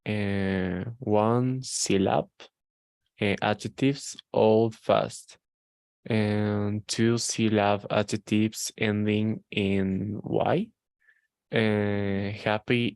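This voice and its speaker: Very slow, hesitant student reading aloud. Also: medium pitch, clear, resonant tone, dry recording. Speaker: English student.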